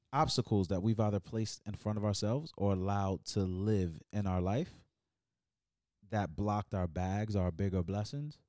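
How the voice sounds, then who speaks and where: A man hosting a casual podcast with a lowish voice and a teasing, hype-man manner, sometimes calling out like a preacher to the church. The sound is close and dry, with no room. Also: mellow, no room sound. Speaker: podcast host.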